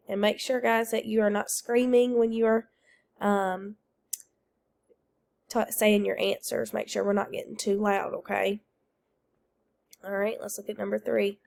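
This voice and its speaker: A woman teacher with a creaky, medium-pitched voice leads children through a phonics lesson on video despite feeling unwell. She calls out words, runs call-and-response drills and praises their answers.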